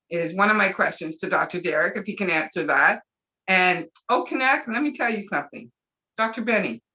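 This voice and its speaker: A woman speaking as a brand ambassador at a live webinar, gushing and excitable, with sudden whoops of delight. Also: medium pitch, lo-fi sound.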